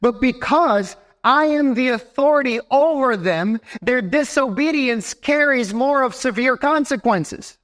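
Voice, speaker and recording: Animated high-voiced male preacher. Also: unhurried, hardly any pauses. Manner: animated preaching, talks straight to the congregation with frequent "right?". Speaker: pastor. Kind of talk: sermon. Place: church sanctuary.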